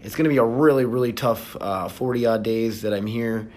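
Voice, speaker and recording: A man's voice: medium pitch, fairly quick, a little mellow, a little hiss or hum. A man hosting his own podcast in casual solo talk, candid and emotional, rambling with restarts and fillers, recorded on a phone inside a treatment facility. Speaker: podcast host. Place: residential treatment facility, indoors.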